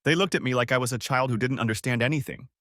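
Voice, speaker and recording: A man reading a first-person story as scripted narration, in a dramatic, expressive way. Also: mid-range voice, rapid-fire, no room sound, studio quality.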